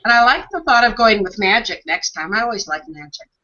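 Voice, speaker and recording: A woman co-hosting a casual chat, lively and enthusiastic as she talks about words. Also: mid-range voice, brisk. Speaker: co-host. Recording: muffled lo-fi audio.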